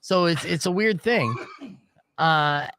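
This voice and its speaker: A man in his thirties hosting a morning rock radio show, telling stories from home in an animated, swearing way. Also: a little high, slow, smooth, no room sound. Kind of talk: casual morning radio banter. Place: radio studio. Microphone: studio microphone.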